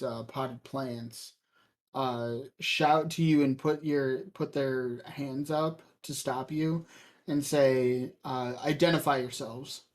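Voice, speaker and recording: A man running a tabletop game as game master, pausing often with ums and uhs. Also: mid-range voice. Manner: halting, full of ums and uhs.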